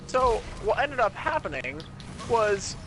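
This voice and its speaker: A man hosting a game stream, telling a story in an animated way, swearing freely. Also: high voice, takes it slowly. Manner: animated, swearing, dramatic retelling. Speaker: streamer host. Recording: noisy home stream mic.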